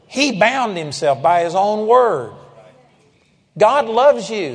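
Emphatic high-voiced man preaching in a hall. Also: animated, normal speed, breathy edge. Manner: emphatic, swings between loud declarations and low intense passages. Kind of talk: sermon.

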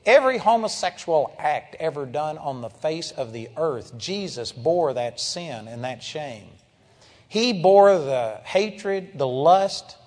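A man preaching a sermon at a seminar, emphatic, moving between hushed and forceful delivery. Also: on the high side, expressive, slow, long reverb tail.

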